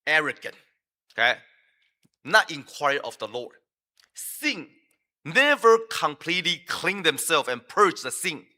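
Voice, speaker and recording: Bright-voiced man preaching with emphatic questions. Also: fairly high pitch, very animated, a little slow, long pauses. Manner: emphatic, rhetorical questions, frequent fillers and restarts. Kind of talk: sermon. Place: church.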